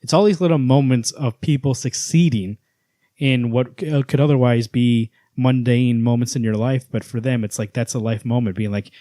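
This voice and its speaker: A man's voice: mid-range voice, steady tone, normal speed, dark tone, dry recording, clean studio sound. A man co-hosting a casual podcast, talking enthusiastically and retelling scenes with quoted lines. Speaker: podcast co-host. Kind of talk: casual comic book chat.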